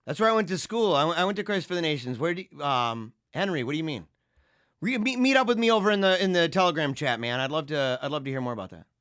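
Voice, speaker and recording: A man hosting a casual livestream, reading viewer comments and chatting in an animated, laughing way. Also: on the high side, no echo, clean studio sound. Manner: animated, laughing, drawn-out slang. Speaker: livestream host.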